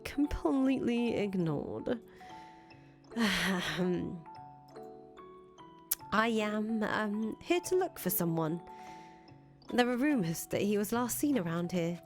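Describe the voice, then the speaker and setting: An earnest young foreign woman traveler, voiced by a woman, chatty and friendly, tripping over her words whenever she gets flustered. Her tone sits mid-range and she speaks slowly, with faint music behind her in a visual novel reading. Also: mid-range voice, lively intonation. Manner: chatty, easily flustered, stammers when nervous. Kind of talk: fan voice acting of a visual novel.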